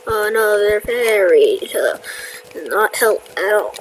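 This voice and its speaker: A woman's voice: medium pitch, lively intonation, slow pace, a little hiss or hum, low-quality recording. A woman giving casual, chatty commentary over her gameplay, self-mocking and often dropping into whispers. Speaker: gamer.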